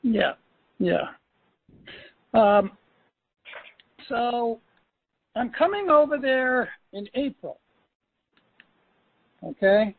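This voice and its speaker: A man's voice: very high voice, animated, very slow, vocal fry, pauses often. A man coaching his trainees on a call, stressing points by repeating them. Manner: emphatic, repeats himself for stress. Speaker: sales coach. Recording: phone line, dry.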